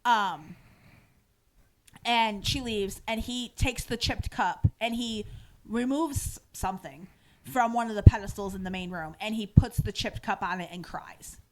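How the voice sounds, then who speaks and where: A woman's voice: mid-range voice, unhurried. A woman podcast host in a casual recap chat, retelling scenes with lots of fillers and acting out the quoted lines. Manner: frequent "um" and "like" fillers, casual swearing.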